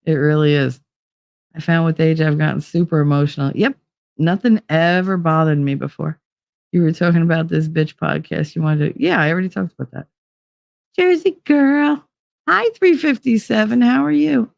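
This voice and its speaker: Gravelly-voiced woman in her fifties, chatting. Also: low voice, steady tone, a little fast, darkish tone, no room sound, clean studio sound. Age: 50s. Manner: blunt, swears freely, greets viewers with pet names. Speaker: livestream host. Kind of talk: casual chat reading viewer comments. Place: home.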